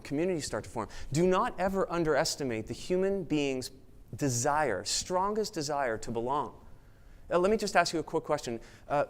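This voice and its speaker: A man giving an earnest, emphatic motivational talk at a conference, speaking to an audience in a room. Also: on the high side. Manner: earnest, emphatic, acts out excited voices.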